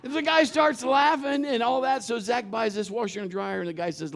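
A man's voice: extremely high pitch, brisk, creaky, few pauses, a bit bright. A man preaching a conversational sermon, earnest and emphatic, weaving scripture together with stories from his own life. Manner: earnest, emphatic, mixes scripture with personal anecdotes.

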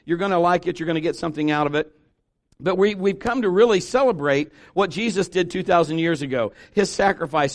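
High-voiced pastor preaching with jokes. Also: male voice. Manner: conversational, joking preaching with asides to the congregation. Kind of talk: sermon. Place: church sanctuary.

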